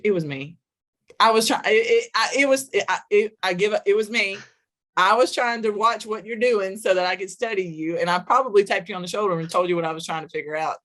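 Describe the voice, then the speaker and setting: Gravelly woman telling a heartfelt story. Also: fairly low pitch. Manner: vivid, repetitive, emphatic storytelling. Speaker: guest, trucking wellness business owner. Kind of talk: emotional storytelling in a podcast interview.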